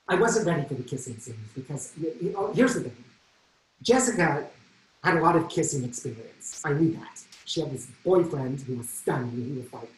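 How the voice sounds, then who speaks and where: A man performing a comic solo stage monologue, telling his story in an animated, self-mocking way on a theatre stage. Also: fairly high pitch, a little hiss or hum. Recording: roomy stage sound from a distant mic.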